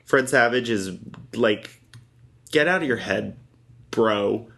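A man's voice: mid-range voice, takes it slowly, creaky, sharp tone. A young man co-hosting a casual chat, playful and joking, laughing often.

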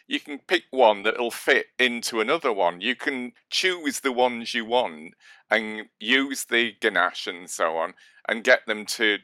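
A man's voice: mid-range voice, pushed and bright, no room sound. A man co-hosting a baking podcast, chatting casually and trailing off with restarts. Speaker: podcast co-host, baker. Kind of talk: casual chat.

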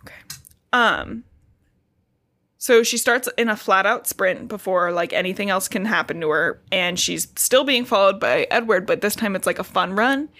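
A woman at a middling pitch recaps a book on a podcast in loose, casual chat. She swears freely and stays sarcastic throughout, dropping into brief voices when she quotes the characters. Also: bright, forceful tone. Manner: profane, sarcastic, acts out characters' lines in quick voices.

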